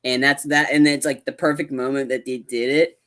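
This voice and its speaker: Podcast co-host, male, animated scene-by-scene recap, heavy on "like". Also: medium pitch, brisk. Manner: animated retelling, acts out quotes, lots of fillers. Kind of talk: casual movie review chat.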